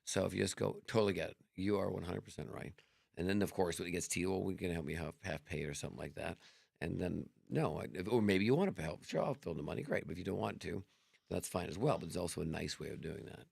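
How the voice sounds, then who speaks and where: A middle-aged man, a guest on a chat show, telling stories in a lively way, acting out both sides of conversations and swearing freely. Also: low voice, fast talker, no room sound, clean studio sound. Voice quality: gravelly. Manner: animated, acts out dialogue, swears freely. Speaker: podcast guest. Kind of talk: casual storytelling chat.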